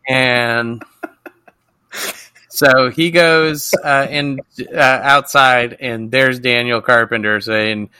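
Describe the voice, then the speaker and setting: Guy recapping an old tv episode, acts out the lines, swears a lot, bright crisp voice. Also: mid-range voice, unhurried, dry recording. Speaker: podcast co-host. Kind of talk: casual chat recapping a TV episode.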